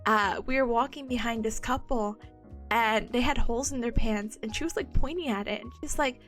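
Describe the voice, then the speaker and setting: A woman's voice: fairly high pitch, moderate pace, a bit bright, faint music behind. A woman chatting casually on a study live stream. She laughs often and breaks into squeals. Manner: giggly, bursts into laughter and squeals.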